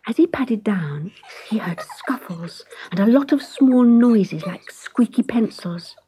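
A woman reading a children's storybook aloud, gentle and expressive, often dropping into a whisper. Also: fairly high pitch, takes it slowly, a little hiss or hum.

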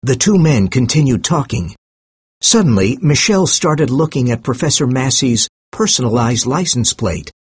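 Husky-voiced male audiobook narrator. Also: mid-range voice, no room sound. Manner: expressive, measured.

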